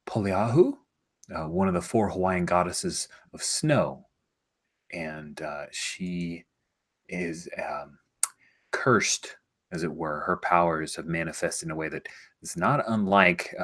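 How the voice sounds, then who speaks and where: A man running a tabletop role-playing game, explaining the setting in an animated way and sometimes dropping to a hushed whisper. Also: deep voice. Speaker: game master.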